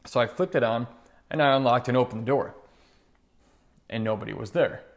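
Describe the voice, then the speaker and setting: A man's voice: mid-range voice, brisk. Earnest middle-aged man telling a story. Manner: conversational, earnest, animated retelling with quoted voices. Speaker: motivational speaker. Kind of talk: storytelling monologue.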